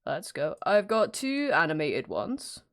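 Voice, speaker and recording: A woman's voice: lowish voice, huge pitch swings, unhurried. A woman streaming live in casual chat, greeting viewers by name and laughing often as she works from home.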